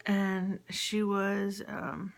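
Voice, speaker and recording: A woman's voice: medium pitch, completely flat delivery, very slow, gravelly. A woman casually recounting her day in a spoken diary for her partner, hesitant and full of fillers, often dropping into a whisper. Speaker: mother recording a message to her partner.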